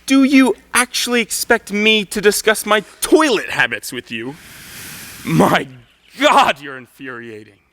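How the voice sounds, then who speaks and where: A teenage male student actor playing an indignant, exasperated gentleman in a live school stage play, with a huffy, incredulous delivery. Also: high voice, expressive, measured pace, dry recording, exaggerated voice.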